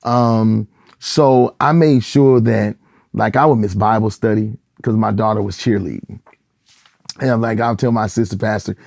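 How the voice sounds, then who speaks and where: In a relaxed interview, a middle-aged Michigan gospel singer and pastor tells stories in a somewhat low voice with a gravelly edge. He grows animated and acts out the people he quotes. The recording is close and dry, with no room sound at all.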